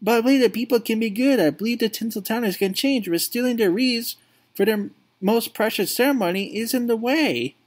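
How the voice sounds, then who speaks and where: A man voicing a young homeless son who accuses and pleads with his father in a game playthrough. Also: brisk. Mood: anguished. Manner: pleading, accusing, voice straining high.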